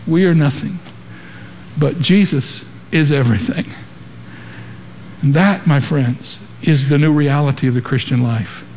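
A man's voice: fairly high pitch, measured pace, a little mellow, slight background noise. A man preaching a sermon to a congregation in a large church, using emphatic rhetorical questions. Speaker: pastor. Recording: long reverb of a large hall.

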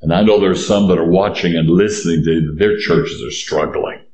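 A man preaching a sermon and reading scripture aloud. He is emphatic, repeats key phrases, and drops low and slow for weight. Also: darkish tone, echoey room, a little hiss or hum.

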